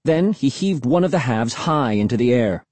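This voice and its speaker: Husky, expressive storybook narrator, man. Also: mid-range voice, moderate pace, no echo. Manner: lively, expressive reading. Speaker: audiobook narrator. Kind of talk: first-person storybook narration.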